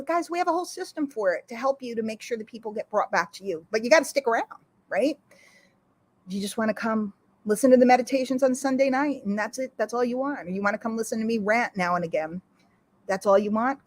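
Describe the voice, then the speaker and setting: A middle-aged woman hosting an online community, giving an emotional, earnest motivational talk that rallies her listeners. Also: a little high. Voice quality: recovering lungs after illness. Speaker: community host.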